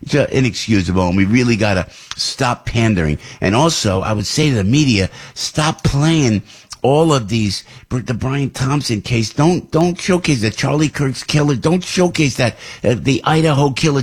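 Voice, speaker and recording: A man's voice: mid-range voice, slightly rough. An older man hosting talk radio, delivering an indignant, repetitive opinion monologue. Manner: indignant ranting, repeats himself. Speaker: radio host.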